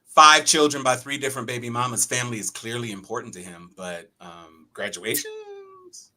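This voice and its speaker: A man's voice: mid-range voice, huge pitch swings, moderate pace, sharp tone. A man co-hosting a casual political chat, wry and laughing as he acts out quotes. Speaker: podcast co-host.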